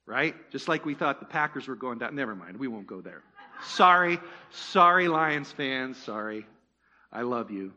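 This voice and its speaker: A man's voice: mid-range voice, animated, moderate pace, pushed and bright. A man preaching a sermon as pastor of a church, conversational, asking the congregation rhetorical questions and slipping in joking asides.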